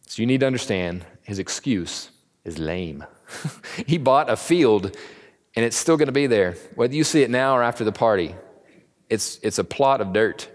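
Casual male Bible teacher with a lowish voice, chatty, plays out quotes in voices; echoey church hall. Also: lively intonation, moderate pace. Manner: conversational, acts out quotes in slangy voices. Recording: long reverb of a large room.

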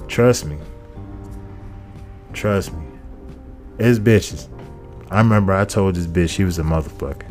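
Deep-voiced profane podcast host. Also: male voice, darkish tone. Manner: profane, rambling, repeats phrases. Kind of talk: casual comedic monologue.

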